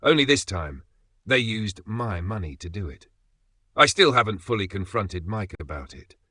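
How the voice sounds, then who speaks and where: A man's voice: lowish voice, sharp tone, no room sound, clean studio sound. A man reading a first-person story aloud in a scripted narration style, telling it in an aggrieved, indignant way.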